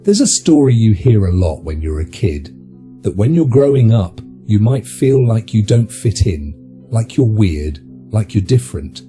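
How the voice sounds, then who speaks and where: A man's voice: fairly low pitch, very animated, unhurried, mellow, faint music behind. A man voicing a lonely male trash goblin creature, telling his story in a bitter, confessional way. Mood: rueful. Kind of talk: dramatized video narration.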